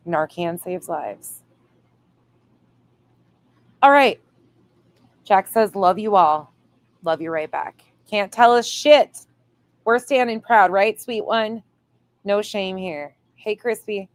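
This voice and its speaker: A woman's voice: mid-range voice, slow, no echo. A woman hosting a casual livestream, reading viewer comments aloud and swearing playfully. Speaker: livestream host reading chat.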